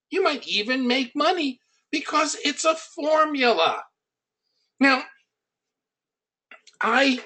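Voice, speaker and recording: A middle-aged man with a fairly high voice gives a teaching talk about online business. He tells his points through personal stories at an unhurried, measured pace. He leans hard on the lines that matter. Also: sharp tone. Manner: conversational, anecdotal, emphatic on key points.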